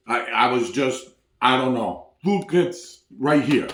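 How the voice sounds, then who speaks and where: Joking cooking vlogger in an echoey kitchen. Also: male voice, medium pitch, expressive, slow, a bit bright. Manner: loose, joking, hypes viewers, talks while eating. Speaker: home cooking video host. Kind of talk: casual cooking demonstration.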